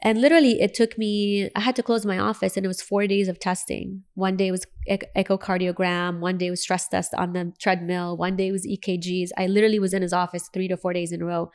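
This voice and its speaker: A woman's voice: fairly low pitch, flat delivery, brisk, few pauses, a little mellow, clean tone. A woman in her forties, a dentist, telling a personal story in an interview and acting out the dialogue as she goes. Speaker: guest, dentist.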